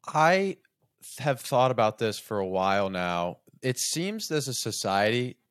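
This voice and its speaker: A man hosting an interview podcast, chatting in a relaxed, thoughtful way. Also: mid-range voice, measured pace, dry recording, clean studio sound. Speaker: podcast host. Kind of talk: conversational interview.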